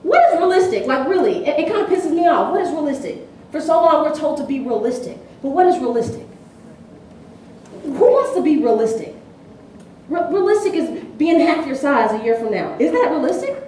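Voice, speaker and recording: High, expressive woman firing rhetorical questions. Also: brisk, a little hiss or hum. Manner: fired-up, asks the room rhetorical questions. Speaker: motivational seminar speaker. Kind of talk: motivational storytelling talk. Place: large indoor gym. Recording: echoey gym, from far off.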